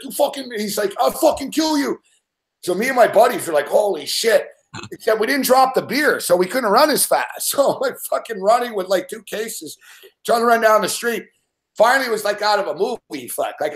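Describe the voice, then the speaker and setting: A man with a fairly high voice spins a rowdy story in casual conversation, cursing freely and laughing between beats. His voice carries a noticeable echo, as if he is in a roomy space. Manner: profane, animated storyteller who laughs often. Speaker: show host.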